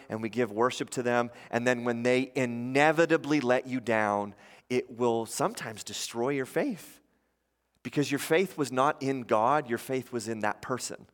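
A man's voice: medium pitch, long reverb tail. A man preaching a sermon as a pastor, emphatic and earnest, driving his points home with rhetorical questions.

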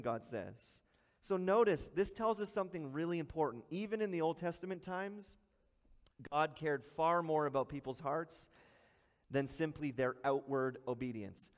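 A man's voice: fairly high pitch, normal speed, long reverb tail. A male pastor preaching a sermon in a conversational way, acting out short asides.

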